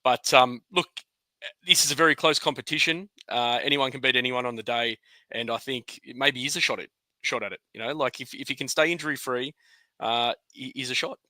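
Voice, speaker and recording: Bright, forceful man. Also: medium pitch, fairly quick, no room sound. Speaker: podcast co-host. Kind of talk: casual sports podcast chat.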